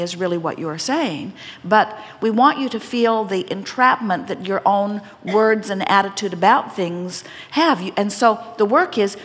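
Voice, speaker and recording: A woman gives an inspirational seminar talk to a room full of listeners. She speaks as a collective "we", deliberate and gently teasing, at a medium pitch. Her voice carries a long reverb from the hall. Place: seminar room with a live audience.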